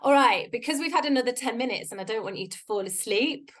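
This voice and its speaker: A woman's voice: lively intonation, quick pace, a bit bright. Chatty woman voice coach. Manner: chatty, playful, varies pitch for effect. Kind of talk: online workshop talk. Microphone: video call.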